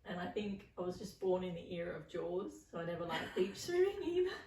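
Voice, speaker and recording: A middle-aged woman co-hosting a casual podcast, telling lively stories and acting out the voices of the people in them. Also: fairly low pitch, brisk. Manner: animated storyteller, acts out voices, laughs often. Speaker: podcast co-host. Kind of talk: casual chat. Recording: echoey room, far from mic.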